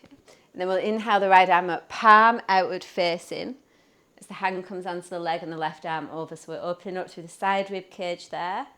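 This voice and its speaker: A woman teaching a yoga class, cueing poses and breaths in a calm, upbeat way. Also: fairly low pitch, brisk, clear, resonant tone. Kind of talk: guided yoga class instruction.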